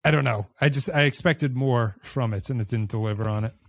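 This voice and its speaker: Analytical, questioning male co-host, mid pitch, dry close mic. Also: brisk, no room sound. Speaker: podcast co-host. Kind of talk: casual review chat.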